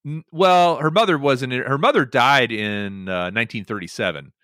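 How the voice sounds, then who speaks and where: A man hosting a casual chat podcast, telling stories in an animated way with many "um"s and restarts. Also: mid-range voice, moderate pace, no room sound, clean studio sound. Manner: animated storytelling with many fillers. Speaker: podcast host.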